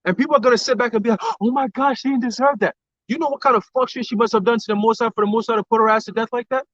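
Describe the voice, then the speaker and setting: Male co-host, high pitched, animated storyteller, dry lo-fi recording. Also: rapid-fire, no echo. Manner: animated storytelling with acted quotes. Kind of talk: casual religious talk chat. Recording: dull lo-fi sound.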